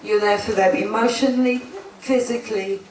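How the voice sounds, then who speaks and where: One bride's twin sister speaks at her indoor wedding in a mid-range, slightly mellow voice with fairly even intonation and normal speed. Her speech is chatty and full of laughter, and she often stops mid-sentence. She is recorded from afar in an echoey room.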